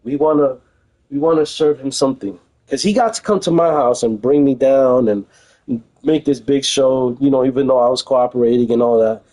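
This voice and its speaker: A man's voice: medium pitch, normal speed, dark tone, rough recording. A young man streaming from home, talking in a heated, emphatic casual rant and repeating phrases for stress. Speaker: livestreamer.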